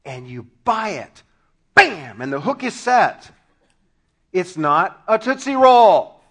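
A man preaching a sermon to his congregation, telling funny stories with sudden shouted punchlines and laughing along. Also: high-pitched, very animated, slow pace. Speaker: pastor.

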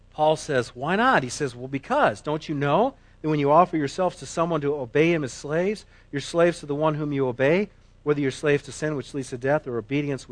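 A man preaching a sermon, emphatic, moving between loud declarations and quiet asides. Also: on the high side, no echo. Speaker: pastor.

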